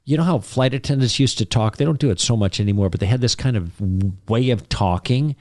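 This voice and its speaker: A man's voice: medium pitch, brisk, a little mellow, dry recording. A man who is a guest on a podcast, chatting casually in a studio and telling stories, sometimes mimicking other people's voices. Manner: storytelling, slips into mimicking voices for jokes. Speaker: podcast guest, Christian apologist. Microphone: studio microphone.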